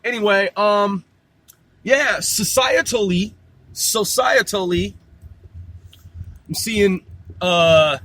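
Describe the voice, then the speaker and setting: High-voiced, slow-talking swearing man. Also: pushed and bright. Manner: rambling, swears constantly. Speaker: podcast host. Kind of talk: casual profane monologue.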